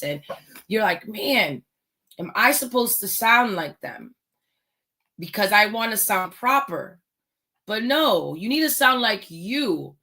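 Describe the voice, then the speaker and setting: A woman hosts a motivational talk in a bright, forward voice. She takes her time, leans on her key words and pauses deliberately. She drives her points home with short rhetorical questions. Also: lowish voice. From United States. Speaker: host.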